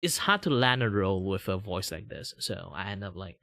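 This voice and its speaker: A man's voice: fairly quick, creaky. A man in his thirties from Malaysia, with a Malaysian English accent, chatting casually on a livestream and rambling with many fillers. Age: 30s. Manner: rambling, many "like" fillers, jumps to a much higher voice when excited. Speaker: VTuber streamer.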